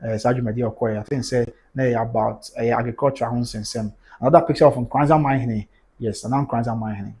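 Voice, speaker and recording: Ghanaian man, livestream host, husky voice, mid-pitched, animated, exclamatory, casual commentary. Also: a little fast. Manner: animated, exclamatory, mixing Twi and English.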